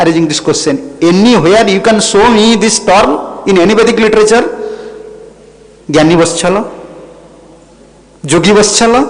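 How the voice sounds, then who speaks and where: Man, fairly high voice, spiritual teacher, devotional lecture, emphatic, repeats phrases. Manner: emphatic, repeats phrases, non-native English.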